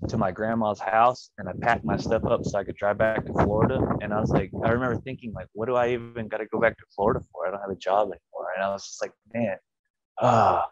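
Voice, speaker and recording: A man's voice: lowish voice, a little hiss or hum. A young man, a pro wrestler, casually telling a personal story, acting out the voices of the people he quotes and laughing often. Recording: dull, slightly lo-fi dry audio.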